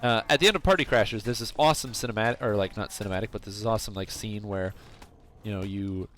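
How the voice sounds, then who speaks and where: A man's voice: lowish voice, quick pace, a bit bright, slight background noise. A man streaming a game, chatting casually in a rambling way with plenty of fillers and self-corrections. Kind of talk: casual chat while playing.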